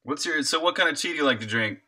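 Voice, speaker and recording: A man's voice: fairly high pitch, lively intonation, fast, sharp tone. A young man who makes indie games, chatting casually with his viewers while he works. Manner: chatty, answers chat questions while working. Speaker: indie game developer and streamer. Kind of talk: casual live-stream chat with viewers.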